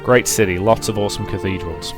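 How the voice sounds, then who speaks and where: A man's voice: lowish voice, fairly even intonation, quick pace, music in the background. A man from Durham, England, chatting while playing a game. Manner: chatty, rambling, self-deprecating asides. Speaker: let's play host. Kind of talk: game commentary and reading aloud.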